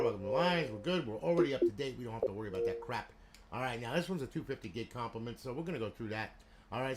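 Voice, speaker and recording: A man casually walking through a game console build he sells, chatty and full of "you know" and "okay" fillers. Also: medium pitch. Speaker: console modder and seller. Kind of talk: casual product walkthrough.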